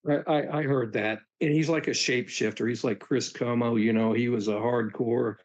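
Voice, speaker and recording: A man's voice: mid-range voice, steady tone, moderate pace. A man chatting about politics on a live talk show, speaking with casual hesitations. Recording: somewhat dull lo-fi audio.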